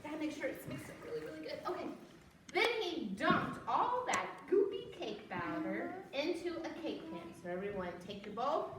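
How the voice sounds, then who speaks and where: A woman reading a storybook aloud to children at the library, animated and encouraging them to join in. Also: high voice, normal speed. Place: library room. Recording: echoey room from far off, noisy.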